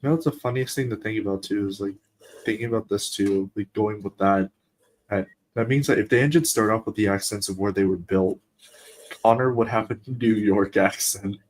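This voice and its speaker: A man's voice: lowish voice, a little hiss or hum. A young man from the eastern US, chatting casually on a stream, rambling and playful. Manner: rambling, playful, with quick put-on voices. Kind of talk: casual chat.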